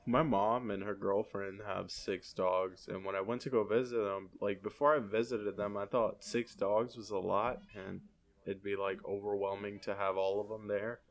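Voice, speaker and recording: A man hosting a podcast, telling relaxed, rambling stories in a casual chat. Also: on the low side, moderate pace. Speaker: podcast host.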